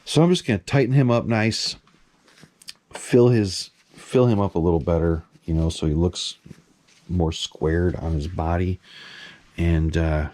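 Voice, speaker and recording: Excitable rambling man showing masks. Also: sits low, a little slow. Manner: excited, rambling, swears casually. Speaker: mask collector and vlogger. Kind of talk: casual show-and-tell vlog.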